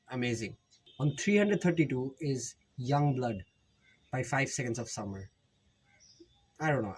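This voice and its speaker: A man's voice: mid-range voice, slight background noise, low-quality recording. A man with an Indian accent, rambling jokily through casual recommendations as a YouTuber and often correcting himself. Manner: rambling, jokey, self-correcting.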